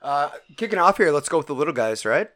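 A man co-hosting a sports podcast, relaxed and matter-of-fact, chiming in with short remarks. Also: a little high, fast talker. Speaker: podcast co-host. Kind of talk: casual chat.

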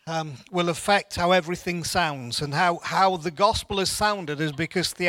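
Man, high bright voice, dry close sound, earnest Bible teacher, repeats words as he restarts. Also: moderate pace, few pauses, no room sound. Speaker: church teacher. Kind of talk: informal Bible teaching talk.

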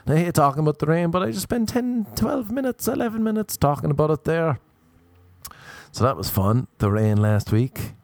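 A man's voice: on the high side, huge pitch swings, moderate pace, gravelly, no room sound. A young Irish man telling a rambling comic story, ranting with exasperation and swearing. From Ireland. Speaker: stand-up comedian.

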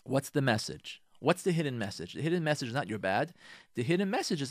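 Animated rabbi, lively rising voice. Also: male voice, medium pitch, fast talker, no room sound, clean studio sound. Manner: animated, acts out spouses in mock voices, rhetorical questions. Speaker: rabbi giving marriage advice. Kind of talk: radio talk, advice monologue.

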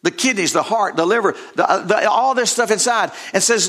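High, bright-voiced older preacher. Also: male voice, fairly quick, few pauses. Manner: emphatic, repeats words while building to a point; reads scripture aloud with rising intensity. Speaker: pastor. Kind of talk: sermon.

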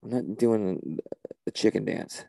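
Exasperated man with a gravelly voice. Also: fairly low pitch, unhurried, dark tone, dry recording. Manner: exasperated, incredulous questioning. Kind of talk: comedy sketch.

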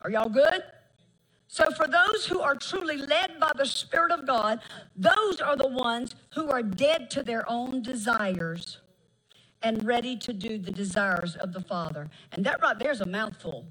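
High, bright-voiced folksy woman preacher. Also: expressive, low-quality recording. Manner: folksy, emphatic, drawn-out phrases and laughter. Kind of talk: sermon.

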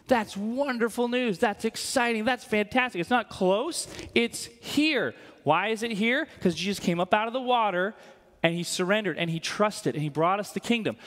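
At a normal speed, a pastor with a high, light, slightly bright voice delivers a chatty, humorous sermon, regularly checking in with the congregation by saying "right?" His voice reverberates with the church's long hall echo.

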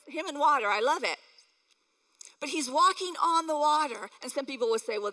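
A woman pastor preaching a sermon in an animated way, acting out the people in her stories. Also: high-pitched, in a large hall, rough recording.

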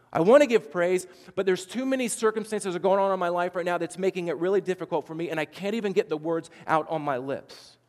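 An earnest man preaches a sermon, his voice a bit higher than most men's. He often restarts and sometimes drops to a hush. A long reverb trails behind him in a large hall. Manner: earnest, with many restarts and sudden hushed drops. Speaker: pastor.

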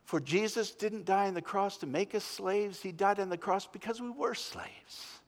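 A male pastor telling a sermon story with drama, his voice rising loud and falling to a hush. It sits somewhat high for a man, and a long reverb fills the church around him. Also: normal speed. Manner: dramatic storytelling, swinging between loud and hushed.

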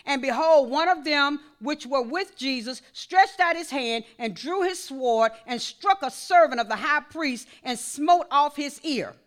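A woman preacher delivering a sermon, reading scripture and building to shouted calls to the congregation. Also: high-pitched, expressive, a little slow, few pauses.

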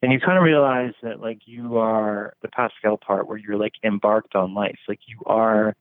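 A man's voice: on the low side, fairly even intonation, moderate pace, dry recording. Rambling, swearing man on a tinny line. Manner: rambling, philosophical, swears freely, many fillers. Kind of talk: casual conversation. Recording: dry, tinny phone-like sound.

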